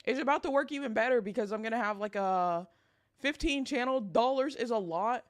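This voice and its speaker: A woman's voice: fairly high pitch, a little fast. A young woman streaming, chatting casually with a sleepy morning voice, laughing often and greeting chat.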